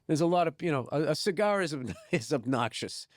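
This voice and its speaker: A man guest in a casual podcast chat, telling stories with lively restarts and laughs, turning soft and low when reflective. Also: a little fast, dry recording, studio quality. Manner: animated storyteller, frequent restarts and laughs.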